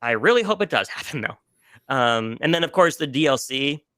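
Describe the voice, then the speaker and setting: A man's voice: medium pitch, expressive, a little fast, bright, forceful tone, no echo. A man guest on a casual podcast, talking emotionally and with many restarts about games he loves. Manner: gushing, emotional, restarts often.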